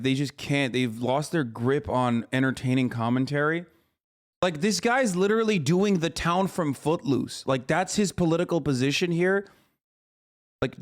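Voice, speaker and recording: A man streaming live reaction commentary, mocking and incredulous in a casual way. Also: medium pitch.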